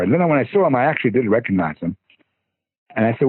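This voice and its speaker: Raspy older man on a tinny line. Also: mid-range voice, very animated, fast talker, dry recording. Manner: rambling, stammering with many restarts. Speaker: podcast guest. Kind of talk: casual storytelling. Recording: husky voice over tinny phone-like line.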